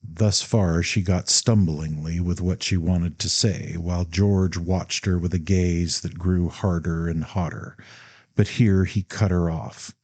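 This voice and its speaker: A man narrating a classic novel as an audiobook reader, in a measured, steady way. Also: sits low, no echo.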